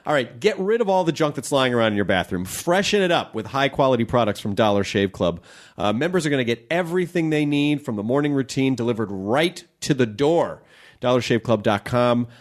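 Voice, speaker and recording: A man with a mid-range voice, animated and brisk, hosts a podcast and chats casually. He's playful and rambling, joking his way through the ad reads.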